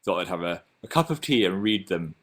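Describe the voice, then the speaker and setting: A man's voice: low-pitched, animated, brisk, a bit bright. A young man with a Northern English accent, casually chatting on his own livestream and reading out viewer comments in a chatty, self-mocking way. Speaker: livestream host.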